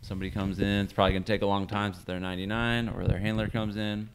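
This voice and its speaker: Smooth-voiced man rambling earnestly. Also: lowish voice, level tone, quick pace. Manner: earnest, rambling monologue delivery. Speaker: podcast co-host. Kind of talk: casual chat.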